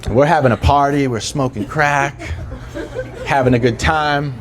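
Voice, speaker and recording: A young man from the East Coast of the US doing a stand-up set, telling stories with lots of swagger and jumping into squeaky voices for the people in them. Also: measured pace, a crowd in the background. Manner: animated storytelling, jumps into high squeaky voices for characters. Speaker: stand-up comedian.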